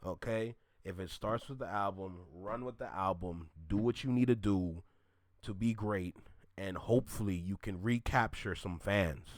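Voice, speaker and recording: A man's voice: fairly low pitch, normal speed, no echo, clean studio sound. A man from Toronto hosting a reaction video, ranting bluntly and repeating his points for emphasis. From Toronto, Canada.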